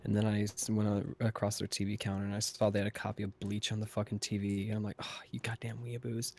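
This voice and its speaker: A man's voice: lowish voice, monotone, fast, darkish tone. A man telling a long story in a casual, rambling, profane way. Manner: profane, rambling, laid-back. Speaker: podcast host.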